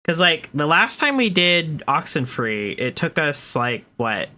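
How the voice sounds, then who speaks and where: A young woman chatting casually to her viewers while streaming a game, excitable and talking to her cat. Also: sits low, measured pace. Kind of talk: casual live stream chat.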